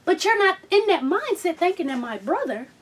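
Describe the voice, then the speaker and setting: A woman hosts a candid chat in a high, wildly swinging voice. She talks bluntly and with profanity, jumping from loud outbursts to hushed asides. She sits a little back from the mic. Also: very animated, moderate pace, far from the mic. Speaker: host.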